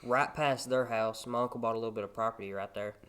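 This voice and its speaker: A man's voice: mid-range voice, fairly even intonation, fast, a bit bright, smooth. Easygoing young man. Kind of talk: casual chat.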